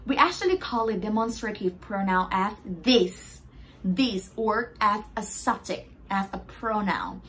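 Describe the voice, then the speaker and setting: A woman's voice: medium pitch, moderate pace, fairly bright tone. A young woman with a Thai accent, a Thai language teacher answering viewers' questions in a patient, step-by-step way. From Thailand. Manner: patient, explaining step by step with polite particles. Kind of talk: Q&A language lesson.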